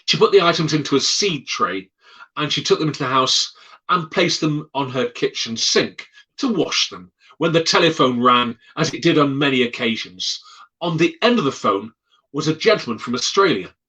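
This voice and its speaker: Guy telling ghost stories, real dramatic, bright punchy voice. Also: a little high, normal speed, rough recording. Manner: dramatic, animated, acts out voices. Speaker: storyteller guest. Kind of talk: spoken ghost storytelling.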